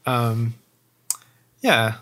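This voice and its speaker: A woman co-hosting a podcast in casual chat, animated and giggly. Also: very deep voice. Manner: animated, giggly, quick asides. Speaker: podcast co-host.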